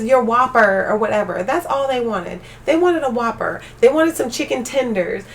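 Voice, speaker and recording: A young woman live streaming, chatting casually with her viewers and ranting with animated energy. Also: a little high, normal speed, hardly any pauses, recorded from a distance. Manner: animated ranting, talks straight to chat.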